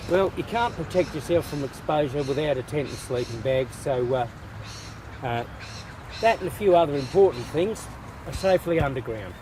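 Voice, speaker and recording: Australian male vlogger, slightly high voice, folksy and rambling, recorded outdoors with faint traffic hiss. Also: expressive, moderate pace. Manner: folksy and rambling, with bush slang. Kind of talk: casual walking vlog. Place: outdoors in the bush by a road.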